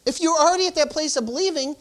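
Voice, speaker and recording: A pastor races through an informal sermon in a high-pitched voice. "Hallelujah" and "praise the Lord" come up again and again as the congregation is emphatically urged on.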